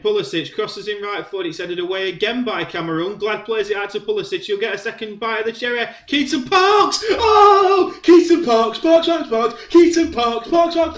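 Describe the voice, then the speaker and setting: A man giving excited play-by-play commentary on a football video game, shouting when goals go in. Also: sits high, roomy sound. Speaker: gaming commentator.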